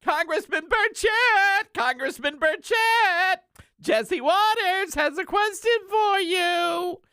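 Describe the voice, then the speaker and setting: A man imitating an excited male street interviewer with an odd accent, calling out eagerly. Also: extremely high pitch, no echo, studio quality, pitched above the performer's own voice, full character voice. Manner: shouty, eager, drawn-out calls.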